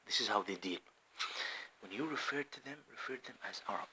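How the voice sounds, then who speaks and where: Man ranting with lively, emphatic delivery. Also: lowish voice, fairly quick, slight background noise. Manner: emphatic, swinging between loud outbursts and hushed asides. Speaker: religious commentator. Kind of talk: impassioned monologue.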